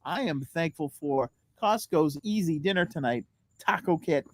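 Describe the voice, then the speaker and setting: Wisecracking man with a lively voice. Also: fairly high pitch, moderate pace, dry recording. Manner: dry wisecracking asides. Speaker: podcast co-host. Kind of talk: casual chat.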